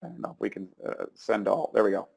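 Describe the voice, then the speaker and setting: A man's voice: on the low side, lively intonation, fast talker, gravelly, a little mellow. A man coaching network marketers on a live webinar, talking casually with fillers and repeated words, and acting out sample scripts with emphasis. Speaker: sales coach.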